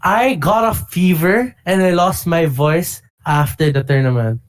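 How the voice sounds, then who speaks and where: A man co-hosting a casual fighting-game chat, telling stories with excitable energy. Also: fairly high pitch, a little slow, a little hiss or hum. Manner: excitable, animated storytelling with bursts of shouting. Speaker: podcast co-host.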